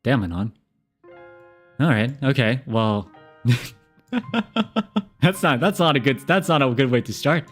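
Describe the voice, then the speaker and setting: A man's voice: mid-range voice, unhurried, pauses often, faint music behind. A man streaming live, casually reading viewer messages and giving relationship advice with lots of laughing asides. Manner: animated, laughing, chatty asides.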